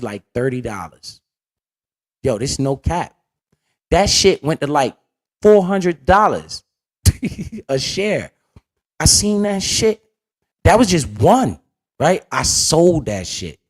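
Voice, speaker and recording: A young man telling a casual, profane, slang-heavy story as the host of a finance video. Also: medium pitch.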